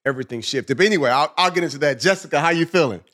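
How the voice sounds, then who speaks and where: A man's voice: on the high side, rapid-fire, a bit bright. An enthusiastic male podcast co-host in casual chat. He sets up questions in bursts and often restarts his sentences.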